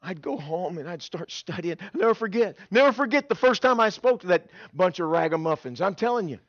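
A man preaching a sermon, telling his own story in an animated way with quick restarts and repeated words. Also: sits high, no room sound. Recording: dull, dry sound.

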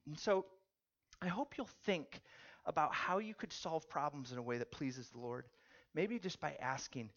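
A man preaching a sermon, telling a story with animated delivery and putting questions to his audience. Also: on the high side, muffled recording. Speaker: pastor.

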